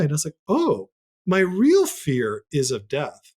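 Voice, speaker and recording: A man's voice: fairly high pitch, huge pitch swings, unhurried, a little mellow, husky. A man who is a podcast guest, telling a personal story in an earnest, reflective way, his voice leaping up when he relives moments.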